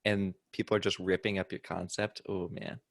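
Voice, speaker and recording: A man's voice: low-pitched, little pitch movement, moderate pace, vocal fry. A man co-hosting a podcast, chatting casually and asking the guest follow-up questions. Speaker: podcast co-host. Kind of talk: casual chat.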